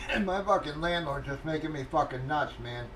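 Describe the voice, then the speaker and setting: High-voiced man ranting on a stream. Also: lively intonation, measured pace, fairly bright tone, slight background noise, low-quality recording. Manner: profane, ranting, venting. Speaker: livestream host running a card break. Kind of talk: casual livestream chat.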